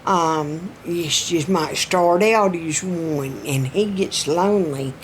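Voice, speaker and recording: A middle-aged woman with a warm Southern accent talks unhurriedly to her viewers, folksy and chatty, with many pauses and restarts. Her throat sounds strained as she goes on. A faint noise sits under the recording. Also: lowish voice. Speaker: vlogger. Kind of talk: casual personal update vlog.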